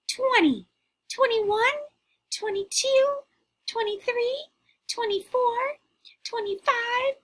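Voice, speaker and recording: A woman's voice: high-pitched, a bit bright, slightly rough, heavily acted. A woman playing a cheerful, theatrical witch who teaches a children's lesson in character, talking in a sing-song way with gasps and whispered asides. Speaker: kindergarten teacher.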